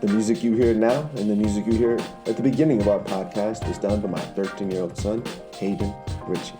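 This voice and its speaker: A man's voice: lowish voice, steady tone, brisk. A man hosting a casual family podcast, rambling and easygoing. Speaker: podcast host. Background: faint music.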